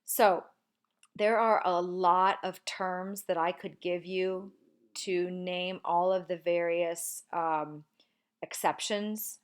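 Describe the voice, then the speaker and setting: A woman teacher giving a relaxed, informal lesson on poetry, sometimes slowing down to read verse aloud with marked stress. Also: fairly low pitch, smooth. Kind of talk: recorded lecture on poetry.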